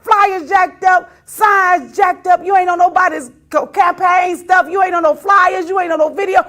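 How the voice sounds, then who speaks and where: Lady hosting her own show, high voice, keeps cracking up while she roasts folks. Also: unhurried, few pauses. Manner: laughing, teasing, animated. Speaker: talk show host. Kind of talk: casual on-air rant to viewers.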